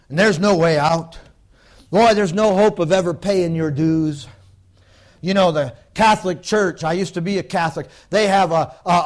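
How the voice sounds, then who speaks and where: A fervent male preacher with an unusually high voice. He rises to loud outbursts, then drops to low, hushed warnings. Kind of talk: sermon.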